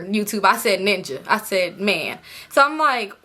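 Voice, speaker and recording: A young woman, telling a personal story to her viewers in a chatty, animated way and putting on quick voices for the people she quotes. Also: on the high side. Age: young adult. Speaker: storytime vlogger. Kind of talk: casual storytelling to camera.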